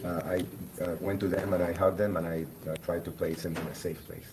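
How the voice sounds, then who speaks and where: Deep, fast-talking male court interpreter. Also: flat delivery, a little mellow, a little hiss or hum. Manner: quick and businesslike, with frequent "uh" fillers.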